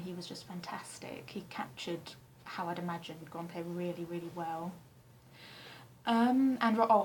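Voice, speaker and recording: A young woman from England chatting casually to camera in her flat, rambling and self-deprecating with frequent ums and the odd swear word. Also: medium pitch, a little hiss or hum, low-quality recording. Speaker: vlogger answering a tag questionnaire. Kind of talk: casual chat. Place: flat, indoors.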